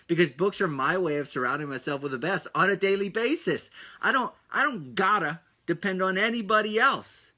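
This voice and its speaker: A man hosting a solo podcast, talking in an energetic, rambling way with punchy asides and a slightly breathless edge. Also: high voice. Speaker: podcast host.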